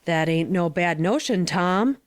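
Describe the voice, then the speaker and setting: A woman's voice: lowish voice, lively intonation, a little slow. A woman voicing a wary, superstitious ragged boy in a drama, with a hesitant, drawling way of talking. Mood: uneasy.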